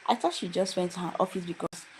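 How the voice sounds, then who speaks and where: A woman's voice: fairly low pitch, quick pace, low-quality recording. A young woman, telling a personal story on a livestream in a casual, emphatic way and repeating phrases for emphasis. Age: young adult. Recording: loud background noise with clicks.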